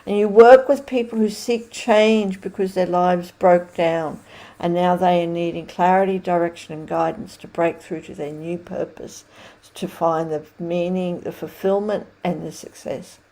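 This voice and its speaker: A woman's voice: on the low side, fairly even intonation, unhurried, dark tone. A woman hosting an interview, effusive and rambling, with many restarts. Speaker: host.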